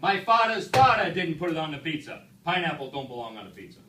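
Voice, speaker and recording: A man voicing a hot-tempered middle-aged pizzeria owner with a New York accent, loud and stubborn, repeating himself. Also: medium pitch, very animated, brisk. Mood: shouting. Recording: echoey room, far mic, background noise.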